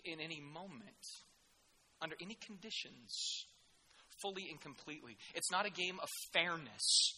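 A male preacher delivers a sermon with a high, very bright and forceful voice. He talks in an animated, jokey way, with sarcastic asides and sudden emphatic bursts. His voice rings with long reverb in a large hall.

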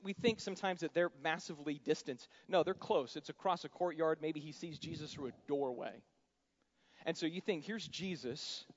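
A man preaching a sermon, animated, acting out scripture characters in shifting voices. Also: on the high side. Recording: dull sound with long hall reverb.

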